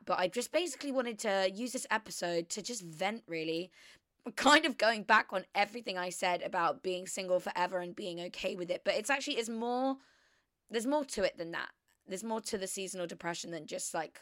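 A woman's voice: medium pitch, fairly bright tone, clean tone, no echo, studio quality. A young woman, hosting a casual confessional chat, rambling and chatty with lots of fillers. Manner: rambling, chatty, heavy use of "like". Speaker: podcast host.

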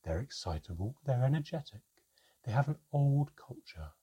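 A man voicing a calm, terse older female goblin who speaks slowly and quietly. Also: medium pitch, slightly rough, lo-fi sound, voice pushed up. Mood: measured. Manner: slow, quiet and measured.

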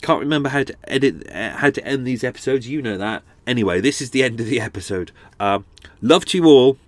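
A man's voice: medium pitch, lively intonation, a little fast, no echo. A man hosting a true crime podcast, rambling casually with many fillers and restarts. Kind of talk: casual chatty outro.

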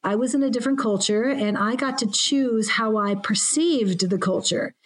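A woman's voice: a little high, moderate pace. A woman speaking as a guest coach who explains her ideas in a reflective, earnest way during a casual podcast chat.

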